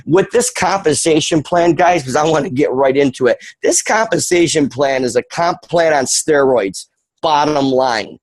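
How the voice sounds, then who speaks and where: Energetic man from Western New York, rambling sales pitch, heavy on fillers, dry close sound. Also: normal speed, no echo, rough recording. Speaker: guest presenter. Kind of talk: sales presentation on a video call. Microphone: video call.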